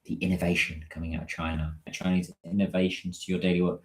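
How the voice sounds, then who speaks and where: British guy rambling on a livestream, low voice, echoey room, replying to viewer comments. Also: flat delivery, quick pace. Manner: chatty, answers viewer comments. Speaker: livestream host. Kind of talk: casual livestream chat.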